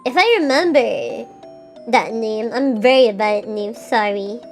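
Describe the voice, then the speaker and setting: Over faint background music, a young VTuber with a slightly high voice chats casually with her live-stream audience at a measured pace, reading super chats, teasing playfully and stumbling over words often.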